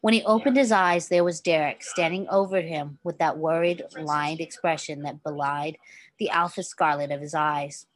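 A woman with a somewhat low voice reads a story aloud. Her delivery is casual and unpolished, with the odd stumble and quick self-correction as she goes. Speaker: reader.

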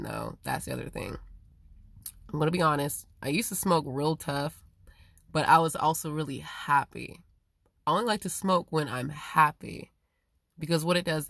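A woman in a rambling, profane casual monologue, swinging between loud emphatic outbursts and low muttering. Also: no room sound, studio quality.

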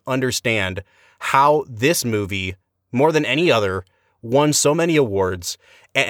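Over clean studio sound with no room tone, a male film reviewer co-hosting a podcast delivers a lively, exasperated critique. His casual movie talk is full of emphasis and wide pitch swings.

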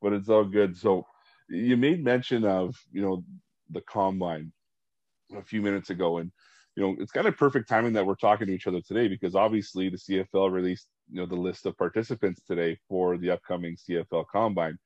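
A very deep-voiced man hosts an interview, keeping an affable, chatty tone as he asks his questions. His audio is muffled and lo-fi, with a dry, close sound and no room echo. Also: brisk, darkish tone. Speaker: podcast host. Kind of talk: conversational interview.

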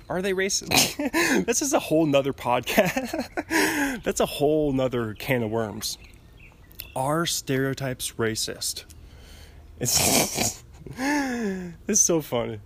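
A man's voice: on the high side, a little hiss or hum. A man in his twenties hosting a podcast alone, rambling in casual chat with frequent giggles and restarts. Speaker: podcast host. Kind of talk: casual solo podcast monologue.

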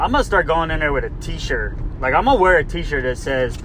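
A man's voice: fairly high pitch, lively intonation, brisk, hardly any pauses, a bit bright, a little hiss or hum. A man hosting his own podcast, talking in a casual, comedic rant full of "like" and restarts while riding in a car. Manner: rambling, exasperated, repeats "like". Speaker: podcast host.

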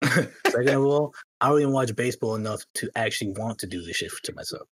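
Casual male podcast co-host, slightly husky, loose and profane storyteller. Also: mid-range voice, fast, no echo. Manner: swearing, animated storytelling with loud impressions. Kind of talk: casual chat.

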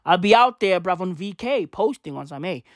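A woman giving a profane comedic rant, full of slang and swearing, riffing with animated delivery. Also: on the low side, moderate pace, no room sound, studio quality. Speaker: comedic vlogger.

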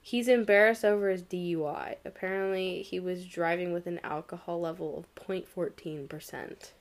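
A woman's voice: lowish voice, steady tone, moderate pace. A woman in a casual chat, talking with lots of fillers and reading search results aloud as she goes.

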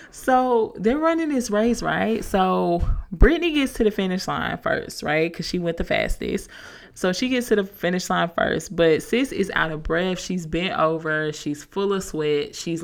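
A young woman talks through her podcast with a slightly low voice that catches into fry. She tells her story in an animated, chatty way, full of casual slang. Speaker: podcast host. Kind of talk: casual motivational talk.

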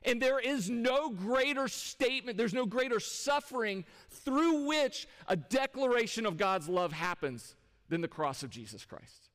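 A pastor with an extremely high-pitched, animated, slightly bright voice preaches unhurriedly from the front of a church sanctuary. He talks conversationally and fires rhetorical questions at the congregation, and long hall reverb fills the recording.

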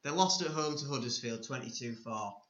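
A man's voice: mid-range voice, lively intonation, a little fast, fairly bright tone. A man co-hosting a casual sports chat, talking with wry, teasing humour. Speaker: podcast co-host. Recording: echoey room, dull lo-fi sound.

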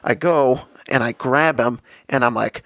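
Casual swearing young podcast host. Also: male voice, medium pitch, a little slow, fairly bright tone, no room sound, studio quality. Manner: casual and profane, with many fillers and quoted asides. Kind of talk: solo podcast storytelling.

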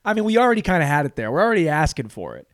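A man delivering a profane, rambling comedy monologue in a slightly raised voice. His pitch leaps around in an animated way as he riffs. The sound is dry and close to the mic. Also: very fast, no room sound.

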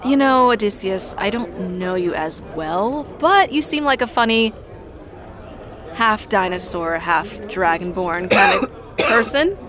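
A woman's voice: medium pitch, animated, unhurried, a crowd in the background, close to an everyday voice. A woman voicing a shifty, chatty young townswoman in improvised role-play, rambling evasively with nervous bursts. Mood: sly.

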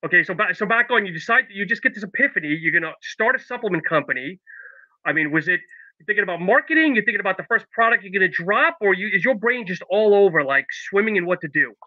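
Man, podcast host, chatty questions, slightly high voice, tinny phone-like sound. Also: lively intonation, quick pace, no room sound. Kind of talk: casual interview hosting.

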